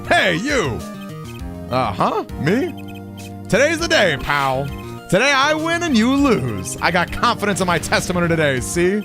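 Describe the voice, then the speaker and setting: A gruff, eager police detective, voiced by a man in a game read. He talks brash and folksy, pushing his pitch up with bouncy swings. Game music runs clearly behind him. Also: wildly swooping pitch, a little slow, full character voice. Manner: brash, folksy tough-guy talk.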